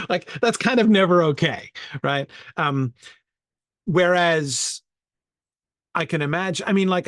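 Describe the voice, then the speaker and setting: A man's voice: medium pitch, no echo, clean studio sound. A man leading an informal Bible study, thinking aloud and sounding out Greek words as he goes.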